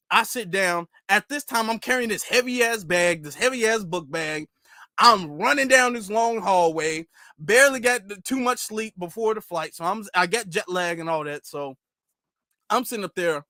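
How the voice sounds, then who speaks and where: A young man vlogging, telling a story casually to camera in an animated, laughing way with loose slang. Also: high voice, normal speed, no room sound, studio quality.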